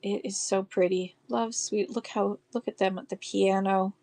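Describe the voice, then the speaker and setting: A woman's voice: medium pitch, fairly even intonation, normal speed, dark tone. A woman selling vintage postcards on a live stream, gushing over each card and reading verses aloud in a chatty way. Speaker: live online auction seller.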